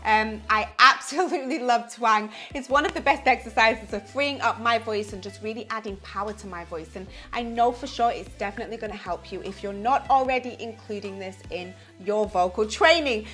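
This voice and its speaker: A young woman leads an online singing lesson with upbeat enthusiasm. Her voice sits high and sounds bright and forward. Faint music plays behind her. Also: normal speed, few pauses. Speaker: vocal coach.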